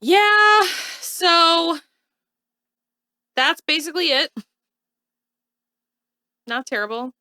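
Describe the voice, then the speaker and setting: A woman co-host talks through a TV episode in relaxed, chatty fashion, full of "like" and asides. Her voice is bright and very lively in pitch. The sound is dry and close. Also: moderate pace, no echo. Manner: lively, animated retelling with frequent "like". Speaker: co-host recapping a TV show. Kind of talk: casual chat.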